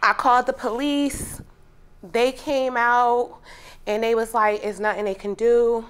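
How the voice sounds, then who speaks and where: A woman's voice: fairly high pitch, steady tone, a little slow, smooth. Emotional woman testifying in court. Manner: emotional, detailed storytelling. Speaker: plaintiff.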